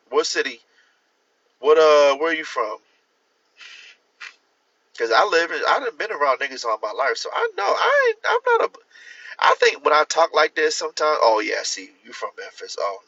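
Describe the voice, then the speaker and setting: A medium-pitched man with a bright, forceful tone livestreams, chatting casually and animatedly, laughing as he acts out the voices he quotes. He's far from his phone's mic, with no room sound but dull lo-fi quality.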